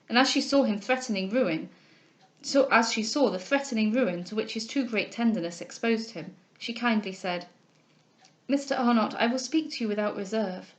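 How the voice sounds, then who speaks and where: A woman reading a classic novel aloud in a clear, measured narrating voice. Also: medium pitch, poor audio. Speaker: audiobook reader.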